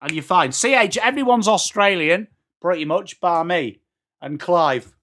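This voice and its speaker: Excitable English man hosting a footy watchalong. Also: high-pitched, a little slow, a little hiss or hum. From England. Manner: excitable, chatty, jumps between play calls and chat replies. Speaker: watchalong host. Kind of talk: live sports watchalong, chatting with viewers.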